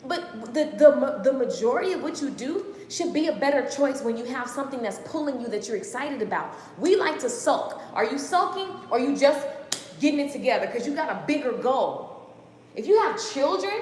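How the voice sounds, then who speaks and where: A woman giving a fast, excited motivational talk in casual slang on a live stream from her home kitchen, repeating her points for emphasis. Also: high voice, roomy sound, long reverb tail. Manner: excited fast ranting, talks too fast.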